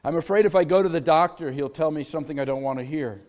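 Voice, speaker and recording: A middle-aged pastor preaches in a casual, folksy way, drifting into stories and light jokes from the pulpit. His voice sits somewhat high for a man. The sound carries a long church reverb. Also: fast talker, darkish tone. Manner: conversational, folksy storytelling with humor. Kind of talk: sermon. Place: church sanctuary.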